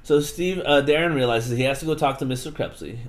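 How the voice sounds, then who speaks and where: A man's voice: mid-range voice, fairly quick. A man on a casual podcast, animatedly retelling a book plot and acting out the characters' lines. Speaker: podcast host. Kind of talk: casual book-recap chat.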